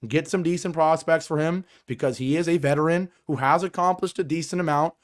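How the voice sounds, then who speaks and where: A man hosting a sports podcast, hoarse and raspy from a cold, delivering emphatic, exasperated commentary. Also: fairly high pitch, steady tone, brisk. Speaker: podcast host.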